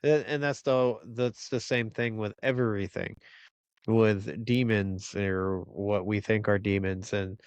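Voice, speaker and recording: A man's voice: on the low side, steady tone, takes it slowly, clean tone, no echo, muffled recording. A male podcast host chatting casually in a laid-back way, swearing now and then.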